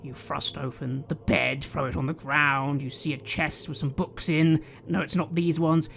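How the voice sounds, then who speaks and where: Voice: medium pitch, steady tone, creaky, fairly bright tone, slight background noise. A game master narrating scenes and asking players what they do. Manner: descriptive, measured narration.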